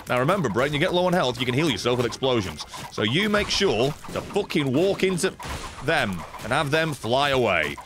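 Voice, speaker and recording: A young man commentating his own gameplay on a live stream, profane and animated, grumbling then yelling at the game. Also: mid-range voice, background noise. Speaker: gaming streamer. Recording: game music behind voice.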